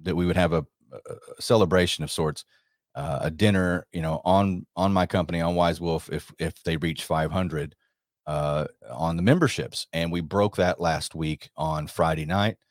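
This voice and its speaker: Male radio host, very low voice, dry close sound, emphatic and rambling. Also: steady tone, normal speed, dry recording. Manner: emphatic, rambling, with frequent restarts. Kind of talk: monologue commentary.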